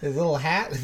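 Man chatting loosely over a noisy recording. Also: on the high side. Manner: rambling, jokey, laughs often. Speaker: podcast co-host. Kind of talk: casual chat.

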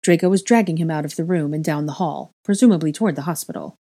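Woman reading a stern old male wizard, clipped, low and mellow. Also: quick pace, no room sound, clean studio sound.

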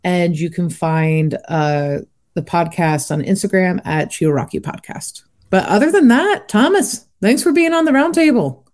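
A woman's voice: on the low side, lively intonation, moderate pace, a little mellow. A woman hosting a podcast, chatting casually and laughing often. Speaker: podcast host.

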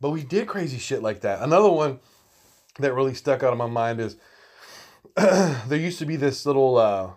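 A man's voice: mid-range voice, expressive, moderate pace, a little mellow. A man, telling stories from his youth in a casual, profane, rambling way, often laughing mid-sentence. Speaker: storyteller. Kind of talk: casual storytelling monologue.

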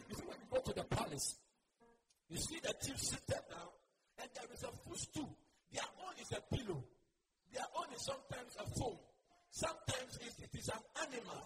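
High gravelly preacher, loud noisy room. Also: male voice, sing-song, moderate pace. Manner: preaching with call-and-response to the congregation. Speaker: pastor. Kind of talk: sermon. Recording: loud background noise.

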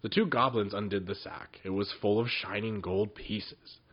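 Husky man reading a children's story. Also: lowish voice, fairly even intonation, normal speed. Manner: gentle reading with small slips and restarts. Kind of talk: children's story read aloud. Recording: dull lo-fi recording.

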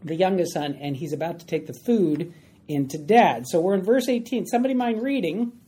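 A woman leads a Bible study and keeps asking her class questions. Her voice is mellow, slightly husky and fairly low. She talks in a lively, conversational way. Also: brisk. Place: classroom with a board.

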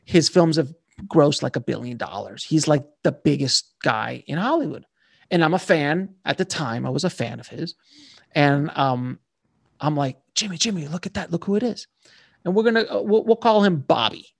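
Author guest, man, gravelly voice that sits a bit high, lively anecdotes in a dry close sound. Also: normal speed, no echo. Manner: animated, slangy storyteller. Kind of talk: casual interview storytelling.

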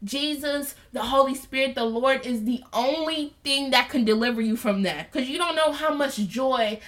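On a casual Bible study podcast, the host, a woman with a fairly high voice, preaches earnestly to her listeners and calls them y'all. She later reads scripture aloud in a slow, soft voice.

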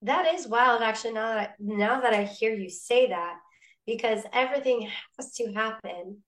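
A woman telling a personal faith story as a podcast guest, in a casual, animated way, acting out the voices of people in her story. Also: a little high, normal speed.

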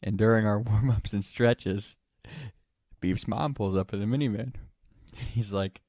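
A young man recounts a funny story in a relaxed, casual way, chuckling often and dropping the odd swear word. His voice sits on the low side. The recording is dry and close, with no room sound. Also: a little slow, no room sound. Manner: laughs often while telling, swears casually. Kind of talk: casual anecdote telling.

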